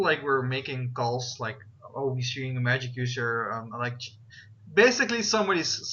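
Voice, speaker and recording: A man's voice: mid-range voice, bright, forceful tone, muffled recording. A man narrating a tabletop game as game master, rambling with many fillers and restarts.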